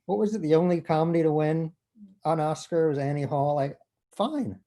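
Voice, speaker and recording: A man interviewed as an author, talking in an animated, self-deprecating and profane way. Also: a little high, moderate pace. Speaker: author guest. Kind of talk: conversational interview. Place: bookstore event.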